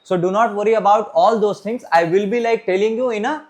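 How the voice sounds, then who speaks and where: High-voiced teacher. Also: male voice, a little mellow. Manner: repeats "okay, my friends", restarts and pauses while writing. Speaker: French teacher. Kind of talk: classroom lecture.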